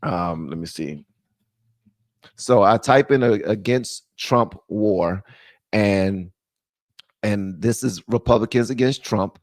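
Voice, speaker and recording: A man's voice: lowish voice, takes it slowly, long pauses, no echo, clean studio sound. A man hosting his own commentary show, ranting bluntly and profanely and calling out his viewers. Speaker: host.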